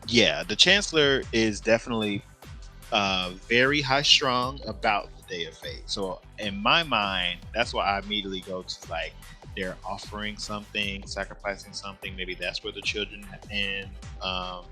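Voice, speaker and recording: A man co-hosting a podcast in casual chat, animated and laughing often as he talks. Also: fairly low pitch, moderate pace, soft background music. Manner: animated, laughs often, restarts mid-thought. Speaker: podcast co-host.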